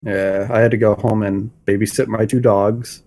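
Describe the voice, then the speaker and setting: A man's voice: lowish voice, little pitch movement, moderate pace, darkish tone. Congested laid-back man on a podcast. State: congested with a cold. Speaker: podcast co-host. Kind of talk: casual chat.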